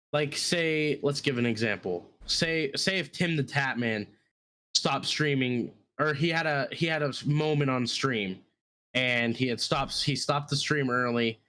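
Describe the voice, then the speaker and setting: A man's voice: mid-range voice, fairly bright tone. A man talking earnestly in a casual podcast chat, often stopping and restarting his phrases. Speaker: streamer and podcast co-host.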